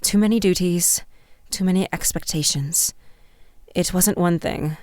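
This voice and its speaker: A woman voicing a wistful young woman who serves a temple, tentative and soft-spoken, in an audiobook reading. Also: fairly low pitch, a little slow, no echo, studio quality, lightly acted. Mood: sad.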